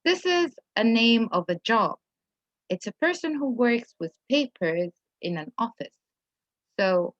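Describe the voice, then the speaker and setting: A woman's voice: medium pitch, dry recording, lo-fi sound. A woman English teacher explaining a story to students in a friendly, explanatory way, often asking rhetorical questions.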